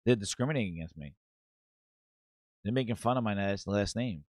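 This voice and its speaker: A man doing a sulky, whiny executive who mutters in a deep, hushed voice, playing the victim at every turn. He sounds low and quiet, wounded, and defensive. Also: lively intonation, a little slow, no room sound, clean studio sound. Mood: whining. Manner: low, muttering, self-pitying.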